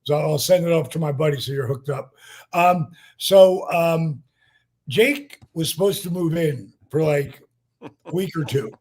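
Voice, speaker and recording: A man in his sixties, a podcast guest telling a story in a lively, profane way with many fillers, acting out what people said. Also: fairly high pitch, measured pace, husky. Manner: profane, acts out quotes, lots of fillers. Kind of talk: animated storytelling.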